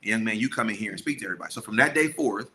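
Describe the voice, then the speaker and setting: Middle-aged guy on a podcast, lowish voice, super bright and forceful, acts out quotes, faint hiss behind. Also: very fast. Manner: animated storyteller acting out quotes. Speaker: podcast co-host. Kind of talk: storytelling casual chat.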